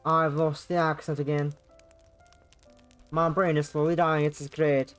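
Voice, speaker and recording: A woman's voice: low voice, flat delivery, a little slow, pauses often, faint music behind. A woman streamer reading a visual novel aloud, stumbling over words with self-mocking asides.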